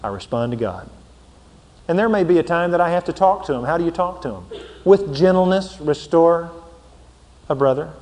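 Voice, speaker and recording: A man preaching a sermon as a pastor, swinging between shouts and hushed near-whispers, acting out scenes with sound words like "boom.". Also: expressive, moderate pace, long pauses. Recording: long hall reverb.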